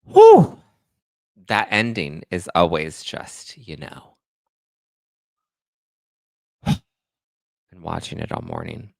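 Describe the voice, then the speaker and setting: A man with a deep, low voice hosts his podcast in a casual monologue. He talks haltingly, with many fillers and restarts, and he sounds emotional throughout. The sound is close and dry. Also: huge pitch swings, creaky, a little mellow, no echo. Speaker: podcast host.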